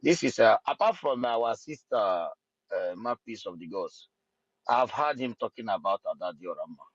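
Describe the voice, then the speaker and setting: A man's voice: mid-range voice, animated, normal speed, dry recording. Guy in an online space, lots of uhs and restarts, dull dry audio. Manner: hesitant, many fillers and restarts. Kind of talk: impassioned political talk.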